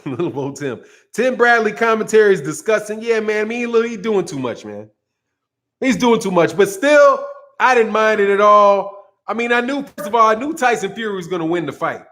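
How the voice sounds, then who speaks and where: A man with a high-pitched voice hosts a boxing live stream. He talks loosely and jokes with his viewers, reading their chat and answering it on the spot. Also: expressive, normal speed, fairly bright tone. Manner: loose, joking, talks straight to chat, frequent laughs. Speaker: boxing channel host.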